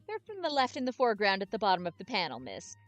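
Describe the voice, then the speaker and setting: Woman playing a soft-spoken polite butler. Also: mid-range voice, wildly swooping pitch, fast talker, no echo, soft background music. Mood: courteous. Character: polite, deferential male butler.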